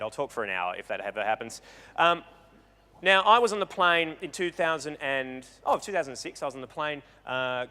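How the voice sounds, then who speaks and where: Bright-voiced man, hall talk. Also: mid-range voice. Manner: animated, joking, rambling with self-interruptions. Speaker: guest speaker at a live talk event. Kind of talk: comedic storytelling talk. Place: event hall with an audience. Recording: long reverb of a hall.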